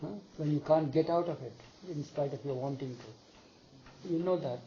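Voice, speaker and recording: A man's voice: fairly high pitch, moderate pace, lo-fi sound, a little hiss or hum. A man retelling a spiritual story to an audience, acting out the dialogue and asking listeners questions as he goes. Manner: animated, acts out the dialogue, asks the audience questions.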